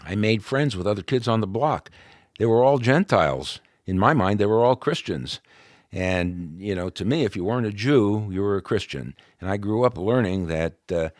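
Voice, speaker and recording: A man with a very low, deep voice tells his personal testimony as a podcast guest. He is from New York and talks in an easygoing, conversational way, with plenty of "uh" fillers. The sound is close and dry. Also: no echo. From New York, USA. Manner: conversational, with frequent "uh" fillers and soft laughs.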